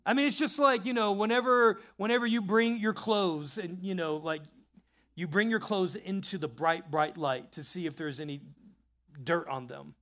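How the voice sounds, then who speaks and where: A man preaching a sermon in an animated, conversational way, reading scripture and adding casual asides. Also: high-pitched, moderate pace. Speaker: pastor.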